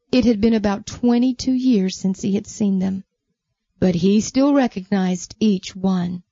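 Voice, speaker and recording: Gentle woman telling children a story. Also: mid-range voice, no echo, muffled recording. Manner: gentle, questioning the listener.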